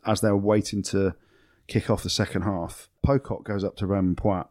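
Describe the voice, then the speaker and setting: An English former rugby player hosting a podcast, opinionated and teasing in casual sports banter. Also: male voice, fairly low pitch, flat delivery, normal speed, darkish tone, no echo. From England.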